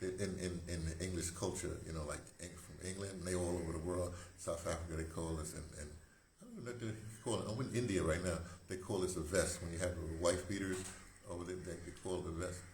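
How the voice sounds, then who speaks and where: A man's voice: low-pitched, fairly even intonation, fairly quick, a little mellow. Older man rambling in an echoey room. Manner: digressive, self-interrupting, conversational. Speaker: host. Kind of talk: rambling casual monologue. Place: room, indoors. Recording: echoey room with faint hiss.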